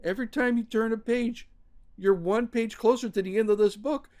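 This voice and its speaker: A panicky little blue monster from a children's storybook, squeaking far above his own register. He begs and pleads in a high, frantic voice. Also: steady tone, normal speed, a little mellow. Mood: pleading panic.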